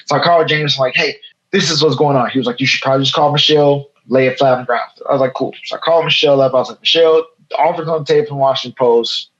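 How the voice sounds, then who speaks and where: In a casual interview, a South Side Chicago photo editor in his thirties tells a lengthy story with lively, rapid delivery, quoting the people involved. He has a mid-range voice, and the recording sounds muffled.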